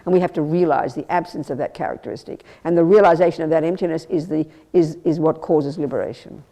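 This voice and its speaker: A woman's voice: sits low, quick pace, dark tone. An older woman, a Buddhist nun, giving an emphatic teaching, repeating and restarting phrases as she explains. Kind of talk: dharma teaching. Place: meditation centre hall.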